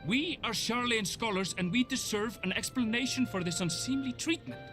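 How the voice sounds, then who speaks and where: A man's voice: extremely high pitch, normal speed, over music. An actor playing an indignant male scholar in a video game, speaking frankly and proudly.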